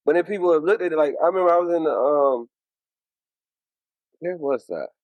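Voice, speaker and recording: A man's voice: fairly high pitch, fairly quick, no echo, muffled recording. Country-accented man telling stories, dry sound. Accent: Southern US country. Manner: laid-back storytelling with acted-out quotes. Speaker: podcast co-host. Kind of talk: casual chat.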